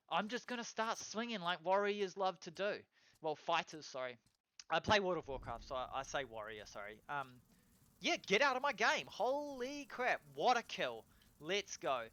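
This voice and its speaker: A man narrating his own gameplay in a casual voiceover, excitable and swearing, breaking into loud cheers over kills. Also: a little high, clear, resonant tone. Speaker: gameplay commentator.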